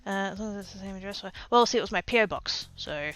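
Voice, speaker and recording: A woman's voice: medium pitch, fast talker, a bit bright, soft background music. An Australian woman livestreaming, telling a story in rambling casual chat, swearing freely and poking fun at herself.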